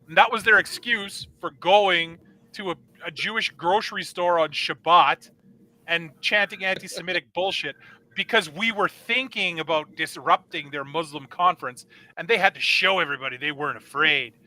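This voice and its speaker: A man's voice: on the high side, normal speed, bright, forceful tone, low-quality recording. A man in a casual political chat, talking with blunt, profane sarcasm.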